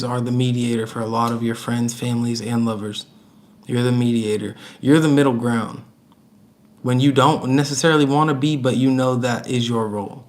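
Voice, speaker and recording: A man giving a casual, chatty tarot reading to camera, emphatic and prone to repeating himself, with laughs between points. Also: mid-range voice. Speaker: tarot reader.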